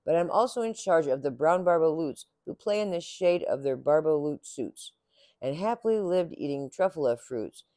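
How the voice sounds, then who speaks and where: A man's voice: on the high side, animated, moderate pace, a little mellow, dry recording, lightly acted. A grumpy little storybook forest creature scolds in a raised, snappish voice, as a man reading aloud puts him on. He sniffles and complains with indignant bite. The read-aloud is dry and close, with no room around it. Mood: scolding.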